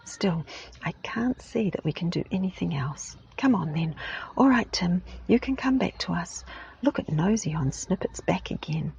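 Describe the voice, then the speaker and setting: A woman voicing a sensible eldest boy in a soft, measured, whispery way, recorded muffled and lo-fi in a car. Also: on the low side, lively intonation, vocal fry, a little hiss or hum.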